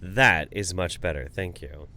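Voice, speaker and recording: A man co-hosting a podcast in casual chat, reading out viewer comments, loud and animated, with frequent swearing. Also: low-pitched, unhurried. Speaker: podcast co-host.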